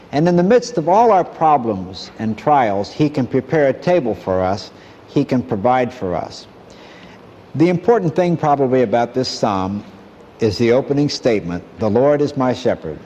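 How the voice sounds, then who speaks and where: A man giving an earnest, measured Bible lesson and quoting verses as he teaches. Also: medium pitch, warm tone, in a large hall, a little hiss or hum.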